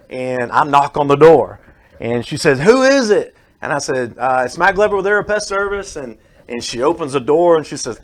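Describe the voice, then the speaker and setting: Earnest man telling a story. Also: mid-range voice. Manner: earnest storyteller, acts out quotes. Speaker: guest, pest control worker and pastor. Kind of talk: casual radio chat, telling a story. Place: radio studio.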